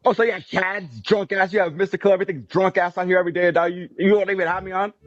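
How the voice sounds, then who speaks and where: A man bantering on a livestream in an animated, self-mocking, jokey way. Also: high voice, quick pace, muffled recording, soft background music. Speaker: streamer on a livestream.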